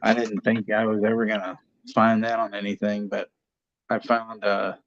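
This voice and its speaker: A man's voice: lowish voice, little pitch movement, normal speed, no echo. A man telling stories in casual, profane stream chat, laughing at his own tales. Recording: dull lo-fi sound.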